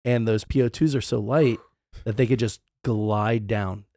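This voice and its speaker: A man co-hosting a podcast, telling a history story in a casual, profane, animated way. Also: fairly low pitch, unhurried, no echo, studio quality. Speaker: podcast co-host.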